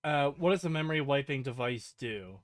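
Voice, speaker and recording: A man's voice: mid-range voice, animated, brisk, no echo, studio quality. A man hosting a casual podcast, blunt and profane as he rants about what annoys him. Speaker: podcast host. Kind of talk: casual chat.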